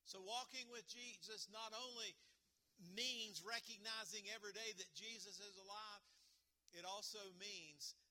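A man's voice: sits high, bright, forceful tone. A middle-aged man preaching a sermon as pastor, earnest, with repetition and rhetorical questions.

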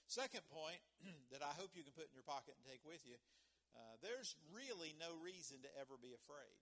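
A man's voice: medium pitch, animated, quick pace, fairly bright tone. A man preaching a sermon as pastor, talking in a conversational way and often restarting his sentences.

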